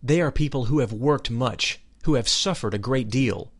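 A man giving a solemn, measured reading of a spiritual text, dwelling deliberately on each phrase. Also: medium pitch. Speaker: reader of spiritual teachings.

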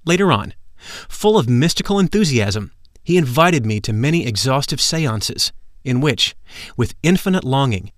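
A man narrating a first-person account in a measured, formal reading voice. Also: mid-range voice, no room sound, studio quality.

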